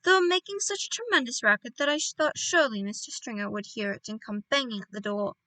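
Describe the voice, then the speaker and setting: A woman reading a children's book aloud for her channel, dropping casual asides to her listeners between chapters. Her voice is high and bright, recorded close with a dry sound. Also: quick pace, dry recording, distant mic, poor audio. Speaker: audiobook reader.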